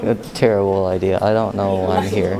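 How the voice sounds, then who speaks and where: A man's voice: low-pitched, level tone, a little fast, over a noisy crowd. A teenage boy, a student reporter, asking classmates for raven calls with self-mocking humor. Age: teens. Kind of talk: hallway interviews. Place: school hallways and classrooms. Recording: crowded school hallway.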